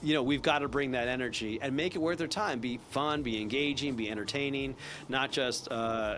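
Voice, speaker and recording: A man giving a casual sales training talk, chatty and energetic, acting out upbeat phone greetings. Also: mid-range voice, moderate pace.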